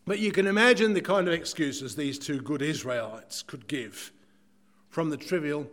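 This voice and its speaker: Dramatic preacher, slightly high voice. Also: male voice, sing-song, normal speed. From Ireland. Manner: dramatic, shifts between loud emphasis and hushed asides. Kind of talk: sermon.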